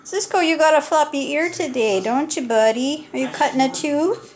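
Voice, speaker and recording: A woman's voice: high-pitched, moderate pace. An older woman at home, filming her puppies and chatting in a playful sing-song baby-talk voice. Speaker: puppy owner filming her dogs. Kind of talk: casual home video chat. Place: indoor room at home with puppies.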